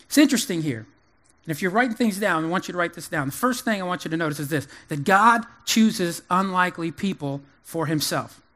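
A high-pitched male pastor preaches with animated emphasis, breaking up scripture with folksy asides. His voice pushes up in pitch and volume when he drives a point home. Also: a little fast. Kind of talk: sermon.

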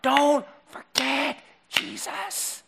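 A preacher doing a boastful eager disciple. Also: male voice, drawn-out words, gravelly, exaggerated voice. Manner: higher, louder, pleading and boastful.

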